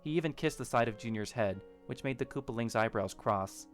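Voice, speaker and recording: A man reads a story aloud in a steady, even voice at an ordinary middle pitch. A faint music bed sits under the narration. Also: a little fast. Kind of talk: audiobook narration of a fan story.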